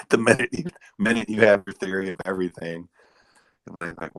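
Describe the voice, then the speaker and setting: A man's voice: low-pitched, moderate pace, fairly bright tone, no room sound. A man chatting casually in an online audio room, wry and easygoing.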